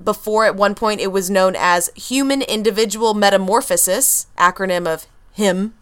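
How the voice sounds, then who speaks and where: Woman podcast host, smooth clear voice, casual storytelling from notes, home computer mic. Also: medium pitch, moderate pace. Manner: reads researched notes, breaks into laughs.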